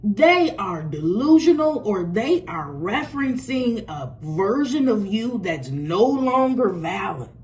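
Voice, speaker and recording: A woman's voice: medium pitch, big pitch swings, slow, hardly any pauses, a little mellow. A woman giving a casual spoken tarot reading, blunt and profane and laughing often. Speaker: tarot reader.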